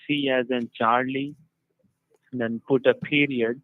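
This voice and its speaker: A man's voice: mid-range voice, steady tone, takes it slowly, dry recording. A man on a phone call as a call-center agent, insistently repeating step-by-step instructions.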